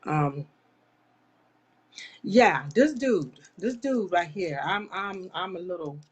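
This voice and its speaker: A woman's voice: fairly low pitch, expressive, takes it slowly, slightly rough. A woman hosting a live online talk show, speaking straight to her viewers in an impassioned, churchy way. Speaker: live-stream host. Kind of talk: casual live chat.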